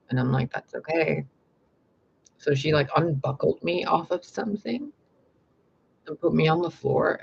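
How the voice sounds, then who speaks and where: A man telling a long dream story to his viewers in a rambling, animated way with lots of fillers. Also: creaky, husky. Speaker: spiritual vlogger. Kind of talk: casual storytelling to camera. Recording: slightly dull lo-fi with faint rumble.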